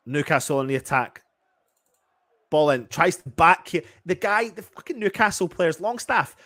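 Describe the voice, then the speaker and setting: A man from England doing live fan reaction commentary on a match, exasperated and swearing, swinging between low muttering and loud outbursts. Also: expressive, normal speed, dry recording.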